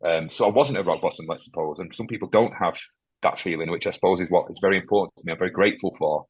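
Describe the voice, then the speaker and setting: Fast-talking husky man, low voice. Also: no echo. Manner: halting, emotional, many restarts. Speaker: podcast guest, firefighter. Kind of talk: candid interview conversation.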